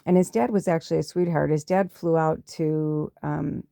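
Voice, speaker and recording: A woman's voice: steady tone, normal speed, gravelly, dark tone, no echo, studio quality. A middle-aged woman podcast host telling a personal story in a chatty way, swearing now and then. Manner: chatty, swearing, acts out quotes in a higher voice. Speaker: podcast host, spiritual medium. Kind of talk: casual storytelling.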